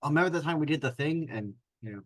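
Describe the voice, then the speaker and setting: A man's voice: on the high side, lively intonation, very fast, no room sound, rough recording. A man player talking casually about his character, hesitant with many fillers. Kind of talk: casual chat.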